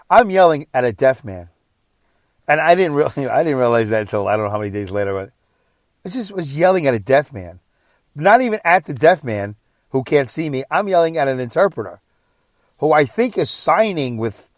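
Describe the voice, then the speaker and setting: A mid-range male voice, recorded at studio quality with no room sound, belongs to a tired, worn-out podcast host. He tells a personal story in a rambling, emotional way, swinging between quiet and loud.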